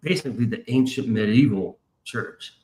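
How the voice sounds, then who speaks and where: A man's voice: medium pitch, moderate pace, darkish tone, echoey room, low-quality recording. A man hosting a casual live stream, telling a long rambling story and swearing freely. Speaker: stream host. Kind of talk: casual chat.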